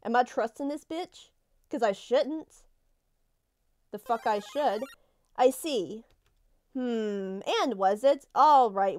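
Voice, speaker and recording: A woman's voice: on the high side, takes it slowly, pauses often. A woman giving live gameplay commentary. She is jumpy, swears a lot and talks back to the game characters. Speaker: let's play gamer.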